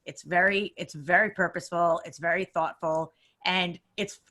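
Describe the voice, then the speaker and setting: A young woman hosts a casual podcast chat, telling stories in an animated way and laughing often. Her voice is lowish and her pace moderate.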